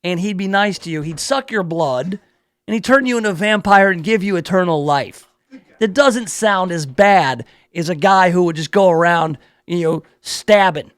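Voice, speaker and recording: A man's voice: high voice, moderate pace, a bit bright, clear, resonant tone, no room sound. A male radio talk show host reading a news story aloud in a playful, riffing way, drawing out words for emphasis in his studio.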